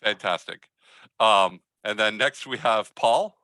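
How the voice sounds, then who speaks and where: A man running an online tabletop game as game master, talking in a halting, friendly way full of fillers. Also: on the low side, bright, forceful tone, no echo, rough recording.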